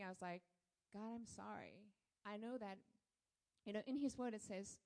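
A woman sharing a candid personal testimony in church, animated and full of fillers. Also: medium pitch, normal speed, creaky, poor audio. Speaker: guest speaker sharing testimony.

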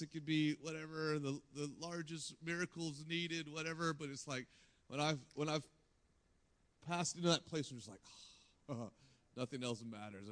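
A man preaching to a church and praying softly, often restarting with fillers. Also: on the high side. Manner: halting, many restarts and fillers, breathy hushed prayer. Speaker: pastor. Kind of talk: sermon with prayer.

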